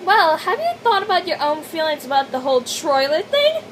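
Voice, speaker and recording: A woman voicing an excitable young female friend who squeals her questions. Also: very high voice, moderate pace, a little hiss or hum, poor audio. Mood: excited.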